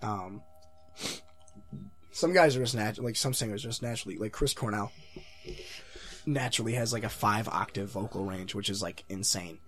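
A man's voice: fairly low pitch, moderate pace, pauses often. A congested man in casual podcast chat, rambling and trailing off mid-thought.

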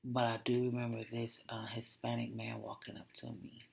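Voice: medium pitch, completely flat delivery, normal speed, vocal fry, a little hiss or hum. A podcast host telling a personal story in a reflective way, often dropping to a whisper and repeating words. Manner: repeats words and restarts when emotional.

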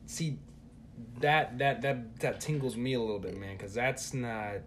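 A man's voice: mid-range voice, unhurried, a bit bright, a little hiss or hum. A man co-hosting a podcast, talking earnestly and encouragingly in casual chat. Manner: earnest and encouraging, repeating words. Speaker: podcast co-host.

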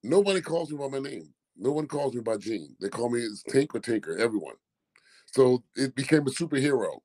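A man's voice: medium pitch, fairly quick, poor audio. A man in his sixties from Philadelphia, a former basketball player telling stories as a guest in a casual interview, acting out the quoted dialogue as he goes. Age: 60s. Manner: animated storyteller who acts out quoted dialogue.

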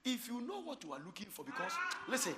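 A man preaching a sermon, moving from hushed storytelling to shouted exhortation and laughing often. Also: extremely high pitch, very animated, quick pace, big-room sound, heavy background noise. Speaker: pastor.

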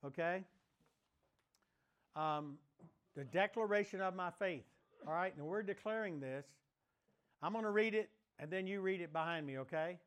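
A man's voice: sits high, moderate pace, pauses often. A man preaching a sermon as pastor, exhorting his church and leading it in repeated call-and-response declarations. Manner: emphatic, exhorting, leads the congregation in repeated declarations. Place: church sanctuary, also streamed online.

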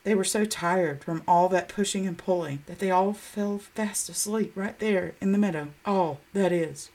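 A woman reading a children's story aloud in a gentle manner, often slowing to a soft hush. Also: mid-range voice. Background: background music.

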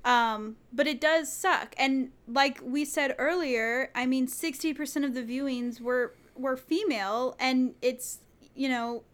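Her voice high-pitched and steady, a young woman co-hosts a podcast at a slightly slow pace. The talk is casual, emphatic chat, loaded with fillers.

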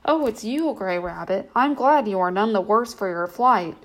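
A woman's voice: mid-range voice, animated, normal speed, natural voice. Storybook casting: a stern, kindly old male owl with a commanding manner, read by a woman. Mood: sleepy, kindly.

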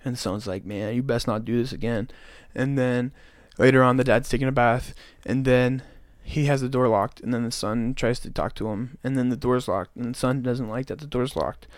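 A man's voice: medium pitch, steady tone, moderate pace, hardly any pauses, no room sound. Rambling young man, dry sound. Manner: rambling retelling, heavy use of "like". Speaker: podcast co-host. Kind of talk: casual podcast chat.

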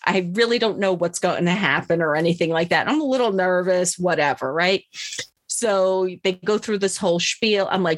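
A woman's voice: lowish voice, moderate pace, no room sound. A middle-aged woman telling a story in a casual monologue, blunt and profane, mocking herself and laughing often.

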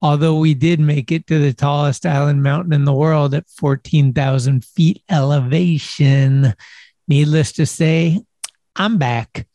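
Male podcast host, slightly high voice, dry close sound, laid-back, slangy. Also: fairly even intonation, unhurried, warm tone, no room sound. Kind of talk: casual chat.

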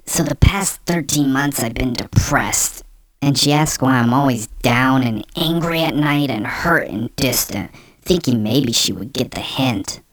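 A man voicing a bitter young man sulking over a breakup, reading slowly and flatly through a voice changer effect. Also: medium pitch, no room sound, studio quality, voice pushed up. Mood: sullen, bitter. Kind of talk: mock dramatic reading of a post.

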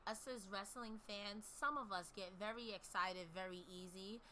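A woman in casual talk, making measured, emphatic points. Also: medium pitch, pushed and bright, a little hiss or hum. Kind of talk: casual chat.

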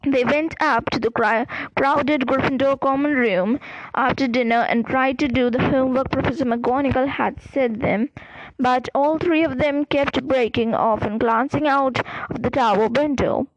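A woman's voice: high-pitched, fairly even intonation, normal speed, no echo, low-quality recording. A woman narrating a storybook aloud, reading carefully and sometimes restarting a word. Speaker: audiobook reader.

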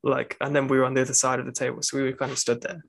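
A young student telling a long story in casual chat, circling back with plenty of fillers. His voice is gravelly and fairly level in pitch. The sound is dry and close, with no room around it. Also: level tone, rapid-fire, a bit bright, no echo. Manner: rambling storytelling with many fillers.

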